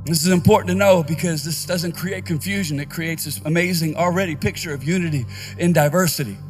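High-voiced preacher, fast and fiery. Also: male voice, faint music behind. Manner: energetic preaching, rising to shouts. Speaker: pastor. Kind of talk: conference sermon. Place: conference stage.

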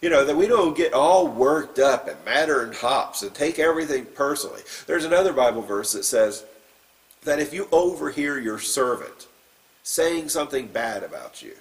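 A man's voice: medium pitch, expressive, normal speed, distant mic, rough recording. A man preaching as a pastor, reading scripture and then giving an informal, plain-spoken sermon with some fillers.

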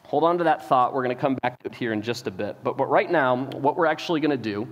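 A man's voice: mid-range voice, quick pace, dull audio. Man preaching with a long hall echo. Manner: animated retelling, acts out quoted lines, repeats words, says "like" often. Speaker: pastor. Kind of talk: sermon storytelling. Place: church auditorium.

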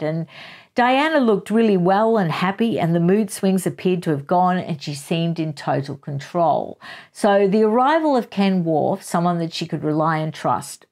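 A woman's voice: on the low side, a little mellow. A woman hosting a casual book chat, retelling chapters in a chatty way with asides and little laughs. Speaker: book channel host.

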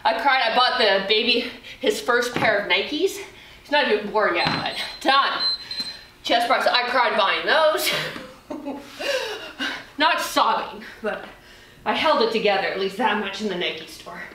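Her voice leans high and expressive, a touch slow, bright and forceful, with slight noise in the background. She's a trainer in her forties running a dumbbell workout, chatting loosely, laughing frequently and swearing once in a while. The room echoes and she sounds far from the mic.

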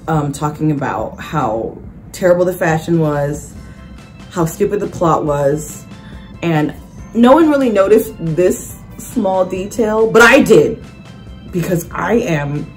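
A young woman vlogging in a casual, animated way, sarcastic and full of restarts. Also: deep voice. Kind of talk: casual chat.

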